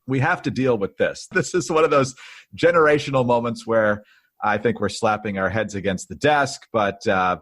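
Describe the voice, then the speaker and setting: Husky-voiced man co-hosting a podcast. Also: on the low side, moderate pace, fairly bright tone, dry recording, studio quality. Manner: wry, easygoing banter. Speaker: podcast co-host. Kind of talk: conversational political podcast.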